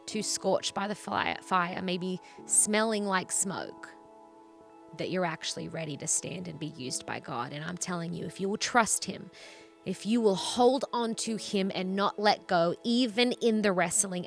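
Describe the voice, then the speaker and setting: A woman's voice: fairly low pitch, gravelly. A woman with an Australian accent, a guest on a faith TV show, speaking earnestly and encouragingly about her testimony.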